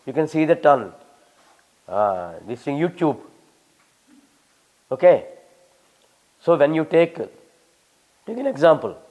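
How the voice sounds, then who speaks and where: Fast-talking older man, Telugu accent. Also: fairly high pitch, sing-song, darkish tone. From Telugu-speaking South India. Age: 60s. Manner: fast-talking, humorous, emphatic. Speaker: visiting scholar answering questions. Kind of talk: lecture-style Q&A.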